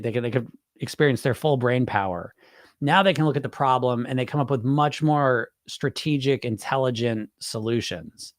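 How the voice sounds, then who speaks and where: Answering viewer comments in a relaxed live chat, this weight-loss hypnosis coach talks frankly, curses liberally, and says things more than once. He has a mid-range voice, heard with no echo in clean studio sound.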